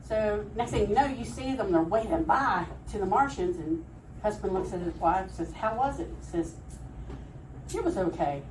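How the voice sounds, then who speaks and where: A woman's voice: medium pitch, expressive, normal speed, darkish tone, a little hiss or hum. Woman rambling thru open mic jokes, cracks herself up, echoey club, mic kinda far away. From Florida, USA. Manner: rambling, laughs at her own jokes. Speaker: stand-up comedian. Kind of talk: open mic stand-up joke telling. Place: comedy club stage. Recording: echoey room recorded from afar.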